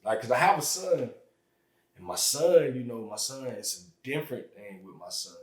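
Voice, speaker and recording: A man's voice: medium pitch, sing-song, moderate pace. Laid-back podcast host, man, echoey room. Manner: laid-back, chatty slang, laughs easily. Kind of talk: casual interview chat.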